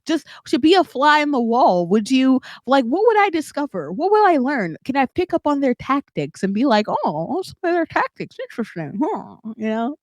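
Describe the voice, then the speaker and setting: A woman guest chatting on a podcast, quick to laugh and agree. Her voice sits fairly high and swings widely, recorded dry and close. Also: no room sound. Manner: laughs often, agreeable, animated. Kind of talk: casual chat.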